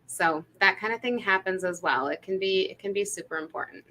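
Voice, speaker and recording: Woman, bright tone, mid pitch; friendly talkative podcast co-host who laughs easily. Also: brisk, a little hiss or hum. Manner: chatty, anecdotal, laughs easily. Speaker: casting director and podcast co-host. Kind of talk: casual podcast chat.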